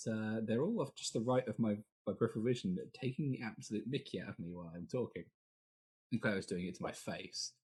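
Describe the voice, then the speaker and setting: A young man with a husky voice, hosting a tabletop game podcast over a video call and joking in an exasperated way with his players. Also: on the low side, a little mellow. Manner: exasperated, joking, swears a lot. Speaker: game master and podcast host.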